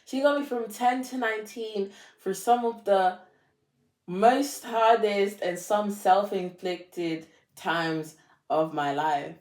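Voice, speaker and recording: A woman's voice: medium pitch, slow, darkish tone, roomy sound. Young woman in a dramatic confessional vlog. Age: young adult. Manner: dramatic, self-mocking, repeats phrases for effect. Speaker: vlogger. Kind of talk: emotional confessional monologue.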